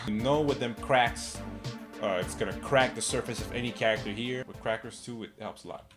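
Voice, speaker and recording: A man giving rambling, sarcastic comedic commentary, swearing often and jumping up in pitch for jokes. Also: brisk. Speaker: YouTube comedy host. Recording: music playing behind.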